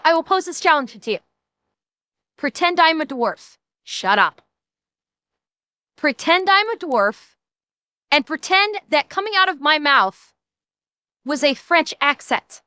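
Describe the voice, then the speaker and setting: Reacting on a live stream, a young woman rants and curses in exasperation, yet her pace stays unhurried. Her voice is high and bright, and the sound is dry and close, with no room sound.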